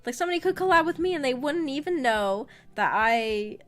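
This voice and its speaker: Brisk and animated, this woman's high-pitched, slightly bright voice carries a VTuber's loose livestream chatter, full of tangents, trailing fillers, and frequent laughter. A streaming mic captures her over faint background music.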